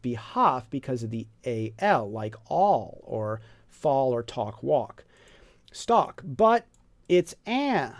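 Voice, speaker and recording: Casual male teacher, slightly higher voice, rambling and relaxed, thinks out loud. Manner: chatty and digressive, lots of fillers, musing asides. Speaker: teacher presenting a reading curriculum. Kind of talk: casual walkthrough lesson.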